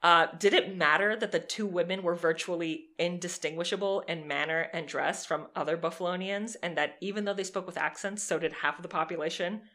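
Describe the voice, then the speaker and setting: A woman's voice: lowish voice, a little fast, few pauses. Sarcastic, swearing young woman storyteller. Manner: lively, sarcastic, swears freely. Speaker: podcast co-host telling a true crime story. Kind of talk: casual storytelling chat.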